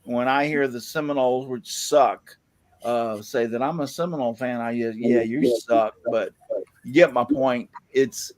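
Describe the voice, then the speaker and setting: A man's voice: mid-range voice, steady tone, measured pace, a little mellow. A man hosting a casual panel chat, rambling and enthusiastic as he reacts to viewers' woodwork. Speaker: show host. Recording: live online panel show.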